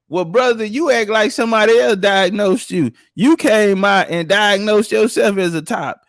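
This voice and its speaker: Animated high-voiced man telling stories. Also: dry recording. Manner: animated, profane, acts out quoted people. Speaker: podcast guest. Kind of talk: casual storytelling.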